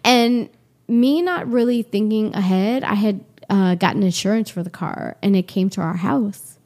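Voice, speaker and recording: A woman in her forties, appearing as a guest on an interview show, animatedly recounts a personal story and acts out what people said. Her voice is mid-range and her speed normal.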